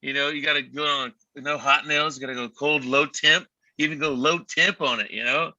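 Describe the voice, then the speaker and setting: A man's voice: on the high side, steady tone, fairly quick, pushed and bright, dry recording. A man in a band, chatting casually and telling rambling stories on a livestream. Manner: laid-back, rambling storyteller. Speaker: band member. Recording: dull lo-fi dry sound.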